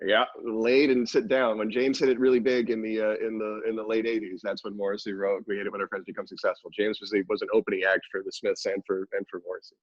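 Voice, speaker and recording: Husky podcast guy sharing music facts excitedly, dry close sound. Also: lowish voice, fast, few pauses, no room sound, muffled recording. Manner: enthusiastic music trivia, laughs often. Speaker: podcast co-host. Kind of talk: casual podcast chat.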